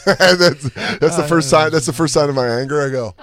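A man's voice: fairly high pitch, fairly quick. A man hosting a podcast, telling stories in casual chat and acting out what he said. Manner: animated, acts out quotes of himself. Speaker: podcast host.

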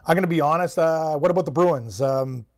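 A man's voice: fairly high pitch, brisk. A man co-hosting a sports radio show, chatting casually about hockey and laughing often. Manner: chatty, laughs often, does voices of his mom.

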